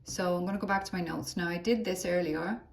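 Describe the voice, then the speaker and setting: A woman's voice: on the low side, fairly even intonation, fast, gravelly, reverberant. A woman leading a live phone tutorial for teachers, chatty and thinking aloud as she taps through the steps. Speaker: teacher trainer.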